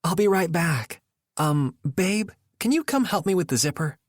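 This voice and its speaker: A man's voice: sits high, animated, normal speed, no room sound, studio quality, pitched above the performer's own voice. Man doing a wry, conspiring young woman. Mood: breezy. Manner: hushed, conspiratorial. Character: wry, bold young woman, narrator's girlfriend.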